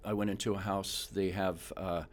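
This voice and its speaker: A man who works as a home inspector, telling animated stories in a casual interview and acting out the people he quotes. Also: low-pitched, normal speed. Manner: animated storyteller, acts out quotes, frequent restarts.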